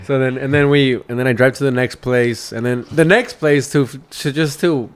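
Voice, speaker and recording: A man's voice: mid-range voice, fairly even intonation, normal speed, clear, resonant tone. A man co-hosting a podcast, telling stories in a casual chat, swearing and laughing as he talks. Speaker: podcast co-host; truck driver.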